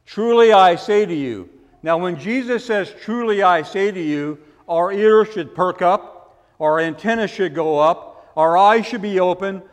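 A man preaching a sermon, asking rhetorical questions and building to forceful emphasis. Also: sits high, big-room sound. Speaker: pastor.

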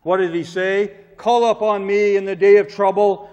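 A man's voice: unhurried, few pauses. Emphatic preacher man in an echoing hall. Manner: emphatic, rising to loud cries on quoted prayers, then dropping low. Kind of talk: sermon. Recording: long reverb of a large hall.

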